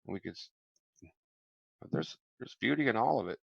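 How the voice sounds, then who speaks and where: A man's voice: medium pitch, animated, normal speed, creaky, husky, dry recording. A man hosting a casual live-stream chat show, joking and rambling. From mix of New York and Midwest. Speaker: show host. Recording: dull lo-fi stream audio.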